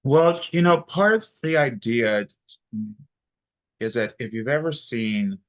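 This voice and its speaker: A man with a stutter, chatting as an interview guest in halting sentences with many restarts. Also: mid-range voice, animated, low-quality recording. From Texas, United States. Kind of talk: casual interview chat.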